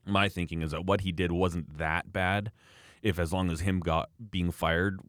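Low-voiced man telling a story. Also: normal speed, dry recording, clean studio sound. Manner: laughing, animated storytelling with acted quotes. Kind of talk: casual chat.

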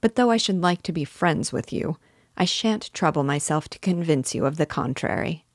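A woman reading the lines of a sly, urbane middle-aged man who talks in a smooth, teasing, unhurried way. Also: low-pitched, lively intonation, no room sound, studio quality.

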